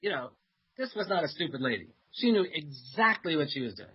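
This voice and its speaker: A man who is a psychiatrist, telling stories as a guest on a talk radio show, hesitant with fillers and soft laughs. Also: on the high side, sing-song, fairly quick, breathy edge. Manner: chatty storyteller with many fillers and soft laughs. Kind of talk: radio interview anecdote. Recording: dull lo-fi radio audio.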